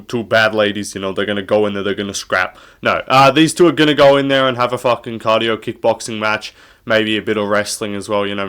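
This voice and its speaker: A man's voice: fairly low pitch, fairly bright tone. A young man with an Australian accent hosting his own fight-prediction channel, talking in a loose, rambling and profane way and often mocking himself. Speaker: MMA prediction channel host. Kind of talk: casual crude commentary.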